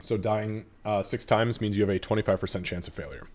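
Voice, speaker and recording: A man running a live tabletop game as game master, narrating and swearing freely in an animated way. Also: on the low side, a little fast.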